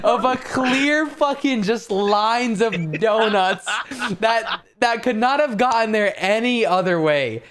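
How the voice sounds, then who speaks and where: A man's voice: sits high, expressive, slow, few pauses, a bit bright. A young man co-hosting a podcast, telling a story in loose, profane chat with heavy slang. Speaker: podcast co-host.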